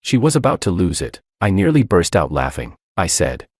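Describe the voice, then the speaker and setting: A man's voice: low voice, big pitch swings, moderate pace, husky, no room sound, clean studio sound. A man narrating a first-person romance story in a scripted, understated way.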